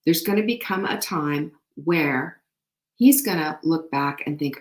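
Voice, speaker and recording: A woman hosting a show, giving an animated, faith-filled motivational talk to women. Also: sits low, unhurried. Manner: animated, emphatic, faith-inspired encouragement. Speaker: show host. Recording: echoey room.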